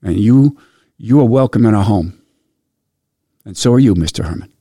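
A man quoting an older grandmother, speaking softly and tenderly as she forgives a boy. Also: on the low side, animated, normal speed, dry recording, clean studio sound. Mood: tender forgiving. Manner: soft, tender, calls the boy baby. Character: kind older grandmother, gently forgiving, devout.

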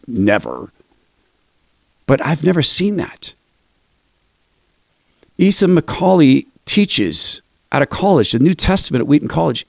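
A man's voice: fairly high pitch, vocal fry, dry recording, clean studio sound. An older man hosting a commentary show, telling a self-deprecating story between clips.

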